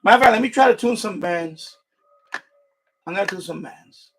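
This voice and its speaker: This live stream host has a voice that sits high and a normal speaking speed, with a bit of hiss or hum in the background. He's casual and rambling, repeating and restarting himself, with occasional frustrated, mildly profane remarks aimed at his gear.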